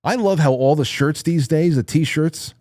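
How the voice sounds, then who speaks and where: A man's voice: on the high side, a little slow, darkish tone, no room sound, studio quality. A man in his forties hosting a live call-in show, rambling casually and cracking crude, self-mocking jokes as he reads the chat. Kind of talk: casual live-stream monologue.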